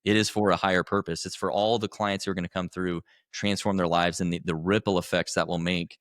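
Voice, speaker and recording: A man with a very low voice talks earnestly as a podcast guest, circling back and restarting his thoughts. The sound is dry and close. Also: little pitch movement, a little fast, a bit bright, no echo. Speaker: podcast guest, coach for husbands. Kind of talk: conversational interview.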